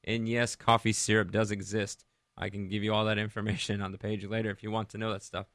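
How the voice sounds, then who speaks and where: Here the Rhode Island Christian radio host sounds fairly low, flat and quick, with a slightly bright tone. He keeps the devotional talk conversational, fires many questions at listeners and leads a prayer. The recording is clean studio quality with no room sound.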